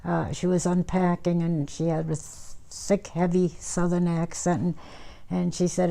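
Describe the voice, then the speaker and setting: A woman's voice: on the low side, level tone, normal speed, vocal fry, warm tone. An older woman recalling her years as a nurse in an oral history interview, talking in a rambling way with many fillers and restarts. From United States.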